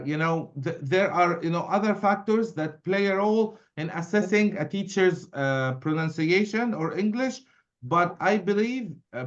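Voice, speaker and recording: A man's voice: sits high, muffled recording. A man teaching an adult English speaking class, explaining at length and repeating key points.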